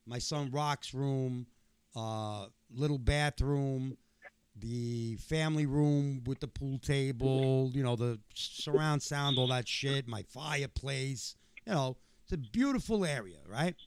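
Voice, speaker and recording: A middle-aged man telling a story in casual chat, animated and swearing heavily. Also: mid-range voice, slow pace, clean tone, no room sound. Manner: animated, heavy swearing, rising to shouted outrage. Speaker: podcast guest.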